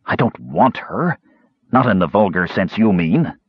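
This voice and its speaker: A man's voice: low voice, very animated, a little slow, husky, dry recording, dull audio, exaggerated voice. A man voicing a thin, sickly young male mage in an audiobook, with a cold, clipped, scornful way of talking. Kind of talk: audiobook character voice.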